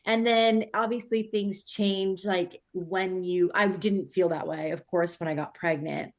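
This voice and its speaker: A woman's voice: on the low side, steady tone, measured pace. A young woman, a mother of three, chatting casually and filling her talk with "like" and "honestly". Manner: chatty, lots of fillers like "like" and "honestly". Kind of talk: casual conversation.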